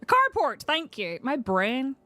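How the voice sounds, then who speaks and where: A woman from Northern Ireland with a Northern Irish accent, a game streamer chatting casually with her chat, self-mocking and quick to laugh. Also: sits high, huge pitch swings, sharp tone, dry recording. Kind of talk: casual live-stream chat while playing.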